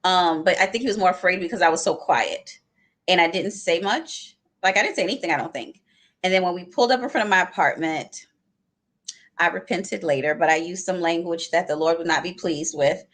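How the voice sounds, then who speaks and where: A woman's voice: on the low side, brisk, a bit bright. A young adult woman on a live panel, telling a story with laughs and acting out the lines she quotes.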